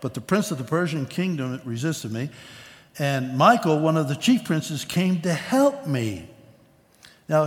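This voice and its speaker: A man preaching a sermon as pastor, reading scripture aloud and explaining it in a conversational way with asides. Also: on the high side. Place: church sanctuary. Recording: long reverb of a large hall.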